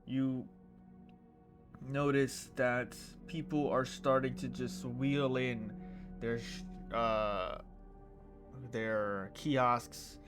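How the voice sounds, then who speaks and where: A man narrating a tabletop game as game master, in a measured, descriptive way. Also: mid-range voice, steady tone, over music.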